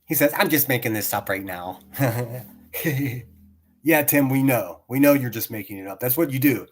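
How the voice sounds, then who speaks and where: A man's voice: mid-range voice, lively intonation, normal speed. A man streaming and reacting to clips, ranting in a profane, mocking way and laughing sarcastically at his target.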